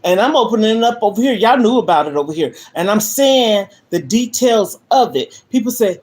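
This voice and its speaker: An older woman, speaking earnestly and emphatically on a phone livestream from her living room. She addresses viewers directly in a frank, heartfelt monologue, at a middle pitch for a woman. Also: animated, moderate pace, hardly any pauses, darkish tone. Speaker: livestream host.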